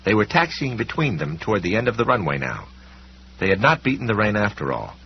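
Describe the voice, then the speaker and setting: A male audiobook narrator with a deep, low voice who reads in a measured way, pausing for effect. The recording is dull and slightly muffled, with a faint hum in the background. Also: sing-song, gravelly.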